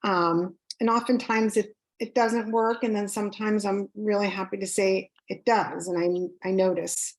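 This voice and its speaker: A woman's voice: medium pitch, fairly even intonation, normal speed, few pauses, poor audio. Woman student in a group class, hesitant and full of restarts. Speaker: class participant. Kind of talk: sharing in a group discussion.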